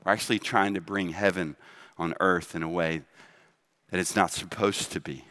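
Middle-aged guy preaching, bright tense voice, keeps asking "right?". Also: low-pitched, fairly even intonation, moderate pace. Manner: conversational preaching with rhetorical questions, often adding "right?". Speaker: pastor. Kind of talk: sermon.

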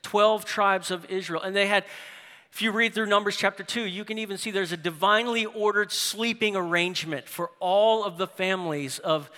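A middle-aged male pastor with a high, bright voice preaches in a church sanctuary, and a long reverb trails after his words. He tells stories with big swings from loud emphasis to hushed asides. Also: fairly even intonation, moderate pace. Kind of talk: sermon.

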